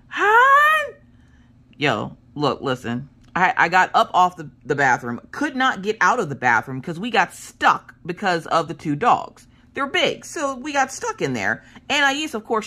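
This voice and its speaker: A woman in her thirties telling a long story in a casual, chatty way as a craft vlogger. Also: lowish voice. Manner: animated, chatty, acts out voices of others in her stories.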